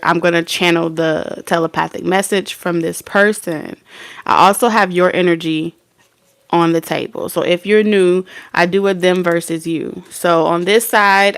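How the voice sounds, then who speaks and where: A woman's voice: lowish voice, smooth. A woman hosting a live tarot reading, chatting casually and folksily with her viewers. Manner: chatty, reads out viewer comments, folksy slang. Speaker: tarot reader.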